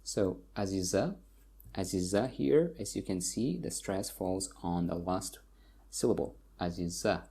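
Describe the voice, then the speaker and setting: A man from Tajikistan with a Tajik accent, explaining word stress to learners and repeating each example word slowly. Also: sits low, expressive, creaky, mellow, breathy edge. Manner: slow, repeats words for learners. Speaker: language teacher. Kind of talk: explaining pronunciation lesson.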